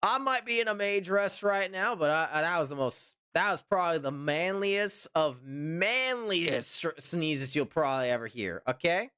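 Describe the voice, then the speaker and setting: A man's voice: a little high, lively intonation, moderate pace, few pauses, pushed and bright, clear, resonant tone. A man with a stuffy nose chatting casually on a live stream, rambling, swearing often and answering chat.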